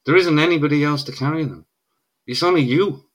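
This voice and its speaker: A man's voice: on the high side, a little fast. A middle-aged Irish man, a guest in a casual podcast conversation, explaining a point emphatically and checking in with "right?". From Ireland.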